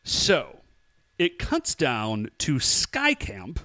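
A man's voice: mid-range voice, wildly swooping pitch, very slow, pushed and bright, no room sound, clean studio sound. A man co-hosting a podcast, casually recapping an episode, chatty and laughing, acting out lines in quotes. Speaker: podcast co-host.

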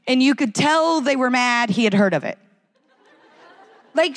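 An American woman performing a live stand-up routine in a large concert hall, wry and animated. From United States. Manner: wry, animated, acts out characters in high voices. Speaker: stand-up comedian.

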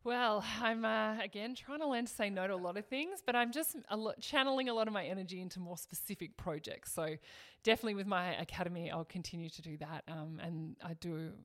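A woman's voice: mid-range voice, a little fast, a bit bright, no room sound, studio quality. A woman, a former athlete, speaking reflectively and openly as a podcast guest. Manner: reflective, open, laughs now and then. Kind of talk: interview conversation.

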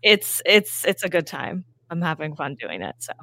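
A woman's voice: sits low, very animated, moderate pace, creaky, bright, forceful tone. A woman guesting on a podcast, chatting in an upbeat, casual way with lots of "like". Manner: chatty, upbeat, uses many fillers like "like". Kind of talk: casual chat.

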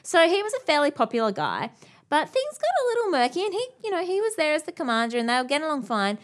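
A woman tells a history tale to her co-host in an easygoing, joking manner. Her voice sits a little high and swings widely in pitch as she narrates. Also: quick pace. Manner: animated, jokey storyteller. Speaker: podcast co-host telling a history story. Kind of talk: casual storytelling chat.

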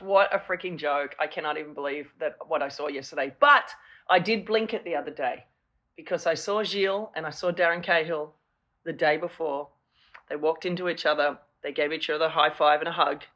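Excitable woman hosting a podcast. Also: fairly low pitch. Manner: excitable, exclamatory, laughs often. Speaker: podcast host. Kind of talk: casual tennis chat.

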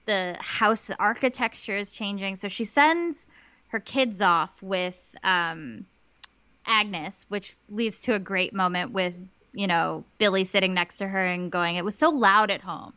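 A woman's voice: medium pitch, unhurried, bright, forceful tone, smooth, no echo, highs cut off. Chatty woman recapping a show. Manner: chatty, many "like" fillers, quotes lines in little voices. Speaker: podcast co-host. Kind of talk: casual TV recap chat.

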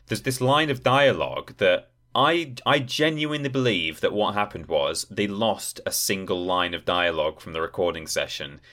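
A man with a very low voice co-hosting a podcast. He tells anecdotes in relaxed, chatty fashion and gets animated as the stories build. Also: moderate pace, hardly any pauses. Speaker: podcast co-host. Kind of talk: casual chat.

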